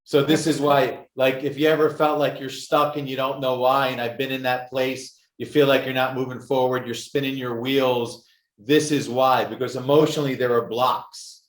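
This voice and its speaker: Guy coaching folks thru addiction, tells his story all emphatic and lively, normal pitch, kinda echoey room. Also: moderate pace. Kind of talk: podcast interview storytelling. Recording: roomy echo.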